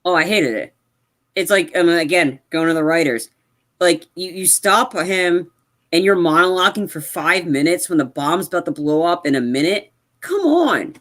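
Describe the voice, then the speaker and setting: A man's voice: fairly high pitch, moderate pace, a bit bright. A man co-hosting a casual movie review, ranting with exasperation and many restarts and "like"s. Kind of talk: casual spoiler review chat.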